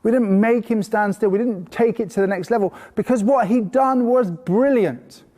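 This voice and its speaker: A man teaching a horse-training course to a live group indoors, telling lively stories and bursting into playful praise voices. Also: high-pitched, normal speed. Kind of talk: live workshop talk to a group. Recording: long hall reverb.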